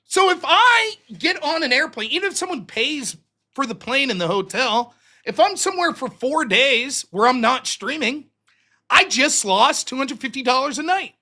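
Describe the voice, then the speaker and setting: An American man hosting his live stream, telling stories in a profane, animated way. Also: very high-pitched, moderate pace. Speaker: streamer and show host. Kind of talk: casual livestream monologue.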